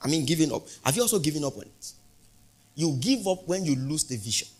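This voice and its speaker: A man's voice: on the high side, sing-song. Man preaching with call-and-response. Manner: call-and-response preaching, rising to loud emphatic peaks; repeats questions to the congregation, drawn-out emphasis. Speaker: pastor. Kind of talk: sermon.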